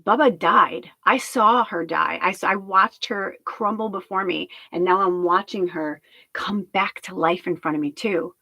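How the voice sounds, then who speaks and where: A woman's voice: medium pitch, sharp tone, no echo, low-quality recording. A woman talking candidly on a livestream, rambling and emotional, swearing freely. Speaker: spiritual medium streamer.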